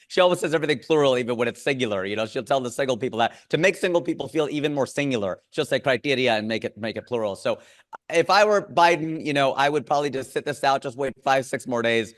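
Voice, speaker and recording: A man, a comedian, chatting as an interview guest, quick and joking, riffing with asides. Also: medium pitch, lively intonation. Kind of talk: casual interview chat. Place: California.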